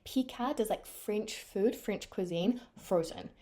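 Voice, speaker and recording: A young woman from New Zealand with a New Zealand accent, chatting casually to camera in an animated way with lots of fillers. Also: mid-range voice, measured pace. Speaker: vlogger.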